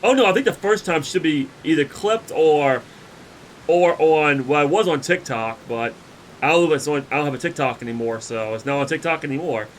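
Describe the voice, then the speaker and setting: A man's voice: on the high side, brisk, slight background noise. A man streaming a game and reacting with constant giggling, laughing until he tears up while sick with the flu and coughing. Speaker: let's play streamer.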